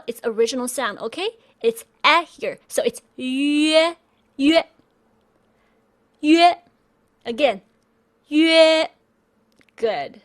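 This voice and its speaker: Slow, high-voiced woman teaching pronunciation. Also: fairly bright tone. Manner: demonstrates sounds slowly, repeats syllables for learners. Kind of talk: slow instructional pronunciation lesson.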